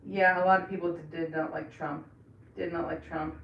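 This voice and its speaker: A woman's voice: lowish voice, flat delivery, brisk, muffled recording. Middle-aged woman host, casual rambling live chat, heard from a little away in an echoey bathroom. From Florida. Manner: chatty, rambling, laughs often. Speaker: livestream host. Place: indoors in a bathroom. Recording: echoey room, voice from some distance.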